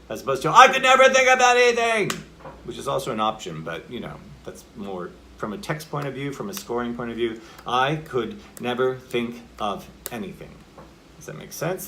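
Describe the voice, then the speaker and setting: A man's voice: mid-range voice, fairly bright tone. Male acting coach for a casual video lesson: chatty and informal, heavy on filler words, demonstrates line readings himself, with a faint hiss behind him. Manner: chatty, explains by acting out example lines; loose, with many "like" and "you know" fillers.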